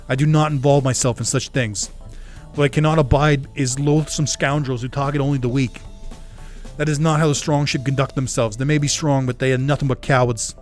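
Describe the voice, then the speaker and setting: A man's voice: medium pitch, a little mellow, lightly acted. Beelzemon, a man doing a haughty Boston-accented demon lord. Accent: put-on Boston. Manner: stiff formal dramatic reading with a few stumbles. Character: haughty proud male demon lord, scornful. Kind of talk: reading game dialogue aloud.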